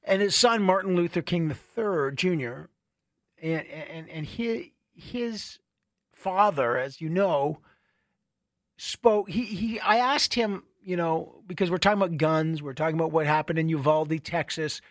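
A middle-aged man hosting a radio show, telling stories in a casual, animated way with many restarts. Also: a little high, measured pace, dry recording, studio quality. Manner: conversational, animated storytelling with restarts. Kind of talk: casual talk radio monologue.

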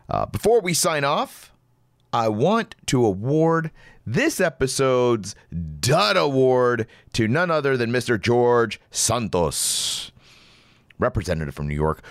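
Sarcastic ranting male host, very animated. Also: on the low side, dry recording, clean studio sound. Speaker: podcast host. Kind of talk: opinionated commentary monologue.

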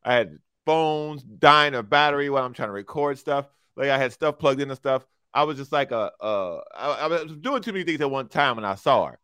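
A man's voice: mid-range voice, lively intonation, fairly quick, hardly any pauses, sharp tone, clear, resonant tone, no echo. A man on a sports talk show, chatting in a boastful, defensive way. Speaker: show regular. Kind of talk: casual sports talk chat.

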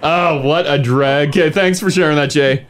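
A man's voice: fairly high pitch, moderate pace, a little hiss or hum. A man hosting a radio morning show, chatting easily with callers and laughing often. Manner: easygoing, jokey, laughs often. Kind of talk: casual chat with callers.

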